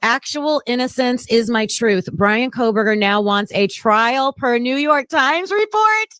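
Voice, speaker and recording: A woman's voice: sits high, fairly bright tone, no room sound. A woman hosting a live stream, exclaiming and reading breaking news aloud to her viewers. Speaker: livestream host. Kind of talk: excited live-stream chat.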